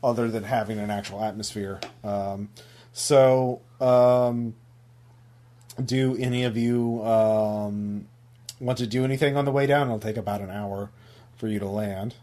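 A man narrating a tabletop role-playing game as game master, hesitant and filling pauses with ums and uhs. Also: on the low side, steady tone, dark tone. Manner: halting, many ums and uhs.

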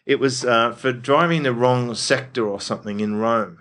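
A man's voice: medium pitch, normal speed, fairly bright tone. Rambling Australian man telling stories. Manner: rambling storyteller, filler-heavy. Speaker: podcast co-host. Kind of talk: casual chat.

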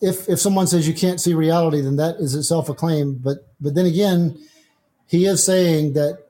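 A man's voice: fairly high pitch, normal speed, mellow. A middle-aged man, a guest on a discussion show, thinking aloud about philosophy with homespun everyday examples. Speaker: atheist guest. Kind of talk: conversational discussion.

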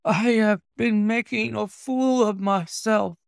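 A man's voice: a little high, moderate pace, creaky, no room sound, clean studio sound, voice pushed up. A man voicing a young male engineer, wounded and shaken, in a strained, breathless voice. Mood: weary.

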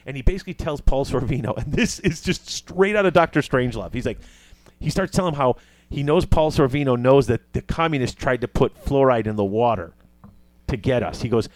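A man's voice: medium pitch, expressive, fairly quick, dry recording. A man casually retelling a movie plot, acting out the characters' lines as he goes.

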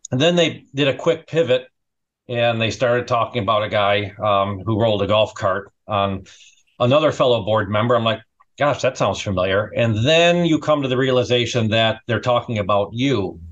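A middle-aged man, a restaurant owner guesting on a podcast, telling a story in an animated, rambling way and often restarting words. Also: mid-range voice. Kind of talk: casual storytelling. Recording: dull lo-fi sound.

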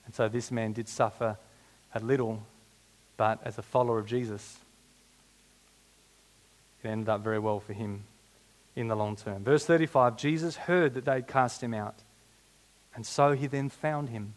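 A man preaching a sermon, animated and blunt, dropping in humorous asides. His voice sits at a middle pitch for a man. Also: normal speed, long pauses.

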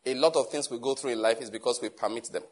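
A man's voice: medium pitch, fast. A man preaching a sermon in a conversational way, acting out little dialogues as he teaches. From Nigeria.

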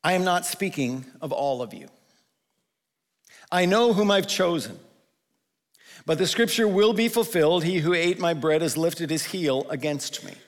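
A pastor in his own voice delivers a sermon in a relaxed, conversational way. His voice sits a little higher than most men's. He slows right down to lean on the scripture he quotes, and the sound carries the long reverb of a large sanctuary. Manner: conversational preaching, quotes scripture with slowed emphasis.

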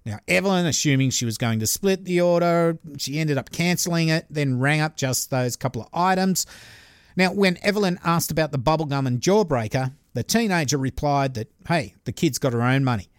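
A man's voice: on the high side, animated, a little fast, clear, resonant tone, no room sound, clean studio sound. Chatty Australian man telling a crime story. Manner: chatty, with laughing asides. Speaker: podcast host. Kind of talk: casual true-crime storytelling.

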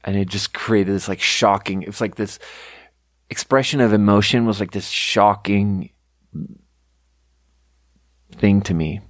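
Podcast host, young man from Sweden, lowish voice, meandering profane storyteller, dead-dry close recording. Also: measured pace, pauses often, no echo. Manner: rambling, profane, self-deprecating storytelling. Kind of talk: casual monologue. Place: home room.

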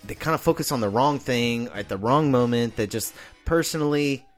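A man's voice: medium pitch, normal speed, soft background music. A man co-hosting a film podcast, blunt and profane as he reviews a movie. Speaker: podcast co-host. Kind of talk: casual film review chat.

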